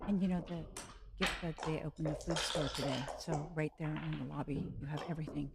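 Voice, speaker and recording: A woman's voice: deep voice, fairly even intonation, gravelly. Chatty woman co-commentator, noisy background. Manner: quick, chatty, finishes co-host's sentences. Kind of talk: live play-by-play commentary.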